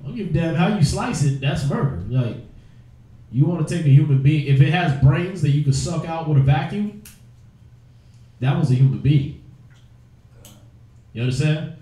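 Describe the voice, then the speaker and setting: A man's voice: a little high, lively intonation, moderate pace, pauses often, dark tone. A man preaching in blunt, profane street talk, mocking the views he argues against. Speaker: teacher of a religious group. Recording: very echoey room.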